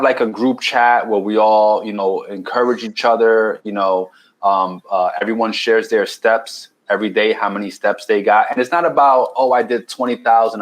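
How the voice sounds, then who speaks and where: A man with a New York accent, a keto challenge coach, is a guest on a casual podcast. His voice is lowish and the audio is poor. He explains things at length, restarting words, repeating himself and checking in with "right?" often.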